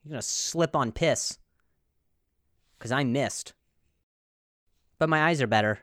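A man's voice: mid-range voice, unhurried, fairly bright tone, no echo, studio quality. A man hosting a podcast in a rambling, jokey monologue, stumbling over words and laughing at his own jokes. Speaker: podcast host. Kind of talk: casual comedic monologue.

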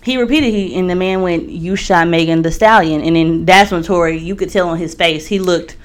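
A woman co-hosting a casual chat show, telling stories with frequent laughs and animated retelling. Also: fairly low pitch, a little fast. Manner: giggly storyteller, animated retelling. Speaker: podcast co-host.

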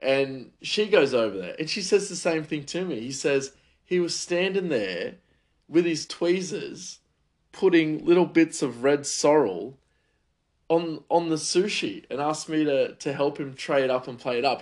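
A man's voice: a little high, expressive, measured pace. Rambling man telling a story. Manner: rambling, heated, lots of fillers. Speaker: chef. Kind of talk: casual storytelling monologue.

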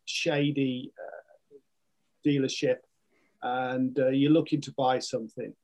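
A man's voice: mid-range voice, flat delivery, slow pace, a little mellow. Hesitant older male guest. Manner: hesitant, lots of fillers. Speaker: podcast guest. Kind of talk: casual podcast chat.

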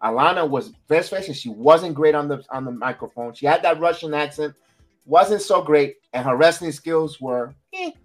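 A man hosting a wrestling recap podcast in casual chat, animated and repeating himself for emphasis. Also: a little high, normal speed, faint music behind. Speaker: podcast host.

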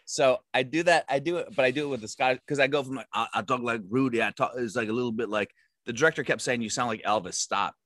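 A man's voice: medium pitch, quick pace, fairly bright tone, dry recording. A man, an actor, telling rambling self-deprecating stories in a casual interview, with many fillers and restarts. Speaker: actor guest.

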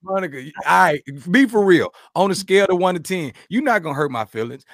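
A man's voice: high-pitched, animated, quick pace, fairly bright tone, dry recording, clean studio sound. A man hosting a podcast in casual chat, playful and joking. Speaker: podcast host.

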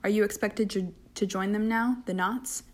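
A woman's voice: mid-range voice, fairly even intonation, normal speed, a little mellow, close to an everyday voice. A woman reading as an anxious young witch. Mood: tense. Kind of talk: amateur fanfiction reading.

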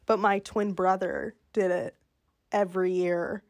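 A young woman co-hosting a podcast, talking in a casual way, telling family stories and quick to laugh. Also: medium pitch, level tone, darkish tone. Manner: chatty, quick to laugh, self-conscious. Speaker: podcast co-host. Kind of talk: casual chat.

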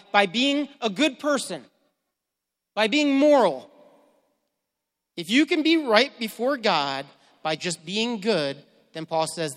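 A man preaching a sermon as pastor, swinging between quiet, measured reading and fervent, emphatic questions. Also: high voice. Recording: long hall reverb.

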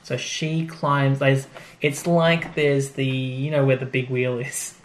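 A man's voice: mid-range voice, flat delivery, slow, slight background noise. A man co-hosting a podcast, casually recapping an episode and acting out the characters' lines as he retells it. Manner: chatty, acts out characters' lines while retelling. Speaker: podcast co-host.

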